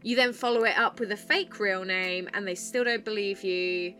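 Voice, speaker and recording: A woman's voice: medium pitch, moderate pace, pushed and bright, faint music behind. A young woman hosting her own podcast, telling club stories in a chirpy, bubbly way with plenty of swearing. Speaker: podcast host and club dancer. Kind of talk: casual storytelling monologue.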